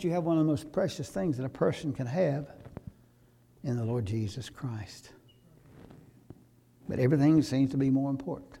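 A pastor, preaching a sermon that rises to loud, fervent exhortation. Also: male voice, mid-range voice, normal speed, vocal fry, long pauses, slightly rough.

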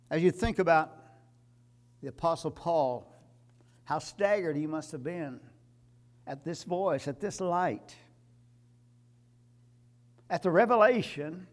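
A man preaching a sermon, emphatic, building to loud repeated climaxes. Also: sits high.

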